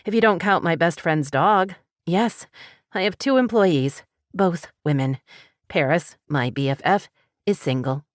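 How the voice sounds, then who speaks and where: A woman's voice: lowish voice, measured pace, dry recording, lightly acted. A worried, emotional single mom, as a woman reads her in an audiobook, her words pleading and strained with tears. The recording is close and dry. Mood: earnest. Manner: tearful, rising, pleading. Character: anxious, emotional single mother of two. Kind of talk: audiobook character voice.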